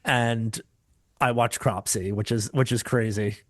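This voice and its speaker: Animated man telling stories on a podcast. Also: medium pitch, a little slow, no room sound, studio quality. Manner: animated storyteller, acts out quotes, laughs often. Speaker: podcast co-host. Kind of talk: casual chat.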